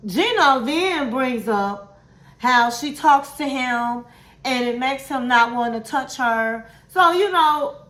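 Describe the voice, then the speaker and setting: A woman with a somewhat high voice recaps a reality show in casual, candid commentary. She is sassy and opinionated, tossing out "honey" and "girl" as she talks. Her voice rings in a roomy, echoey space. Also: a bit bright. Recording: roomy echo.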